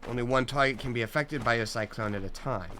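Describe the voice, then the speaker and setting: A man's voice: mid-range voice, fast talker, slight background noise. A young man chatting casually and joking as he plays a game alongside his mother. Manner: animated, joking. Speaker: gaming co-host. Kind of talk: casual let's play chat.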